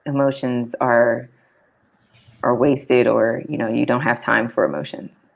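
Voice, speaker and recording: A middle-aged woman with a low voice, co-hosting a casual podcast chat. She talks frankly about family life and laughs easily between remarks. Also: fairly even intonation, measured pace, vocal fry. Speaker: co-host.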